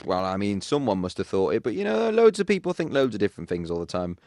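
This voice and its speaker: A man's voice: on the low side, wildly swooping pitch, fast, creaky, darkish tone, dry recording. A young man, chatting casually and playfully as a guest in a radio studio interview. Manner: chatty, laid-back, playful. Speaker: interview guest, pop singer.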